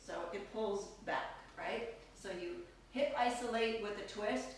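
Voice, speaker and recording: A woman's voice: fairly high pitch, normal speed, few pauses, fairly bright tone, a little hiss or hum. A woman teaching a live online belly dance class, counting beats aloud and laughing often between steps. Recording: echoey room, distant from mic.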